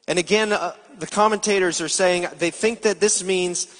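A man's voice: high-pitched, steady tone, normal speed, fairly bright tone. A man giving a sermon as pastor, explaining scripture and asking his listeners rhetorical questions. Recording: long hall reverb.

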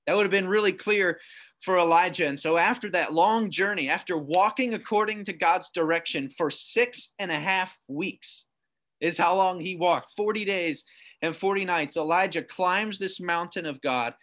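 Fairly high-voiced preacher reading scripture. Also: male voice, fairly bright tone. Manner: reads scripture aloud, slows down for emphasis, asks the listener questions. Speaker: pastor. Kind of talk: sermon to online viewers.

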